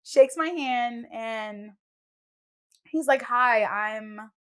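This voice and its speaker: Animated young woman telling stories. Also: on the high side, extremely slow. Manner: animated storyteller, acts out quotes. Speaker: podcast host. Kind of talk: casual chat. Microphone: podcast microphone.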